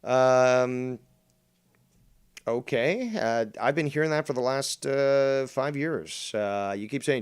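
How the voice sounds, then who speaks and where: A man's voice: mid-range voice, slow pace, clean tone. A man streaming a rant in reply to a critic, combative, boastful and full of profanity. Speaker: streamer reacting to a critic's videos. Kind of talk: ranting commentary.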